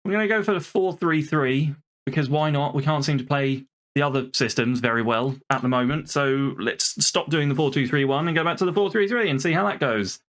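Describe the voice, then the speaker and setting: A man's voice: a little high, a little fast, fairly bright tone. A young man commenting casually on a football management game he plays, frustrated and swearing, talking to himself and his players. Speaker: video game streamer.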